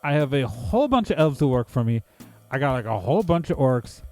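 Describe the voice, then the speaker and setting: A man voicing a scheming male goblin thief who pleads and justifies himself in a high, excitable voice. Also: faint music behind, lightly acted. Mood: pleading. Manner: high, pleading, talks fast over others.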